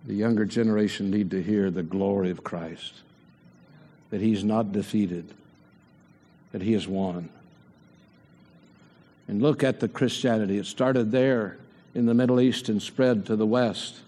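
Older preacher in a reverberant hall. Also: male voice, lowish voice, measured pace, pauses often, mellow. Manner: asks the congregation rhetorical questions. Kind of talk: sermon.

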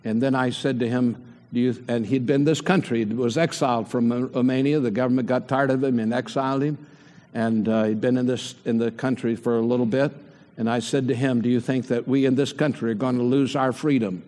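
An older man preaches a sermon, firing rhetorical questions at the congregation. His voice sits at a middle pitch and rings out with a long reverb trailing through the church sanctuary. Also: steady tone, brisk, darkish tone.

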